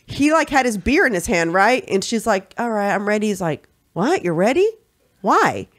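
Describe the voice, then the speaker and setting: Woman, podcast co-host, animated storytelling, acts out quotes, casual chat. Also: mid-range voice, fairly quick. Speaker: podcast co-host and shop owner.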